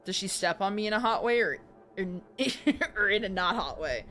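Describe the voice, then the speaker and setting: A woman's voice: medium pitch, lively intonation, normal speed, fairly bright tone. A young woman streaming a horror game, chatting playfully and joking with her viewers. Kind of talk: casual live game commentary.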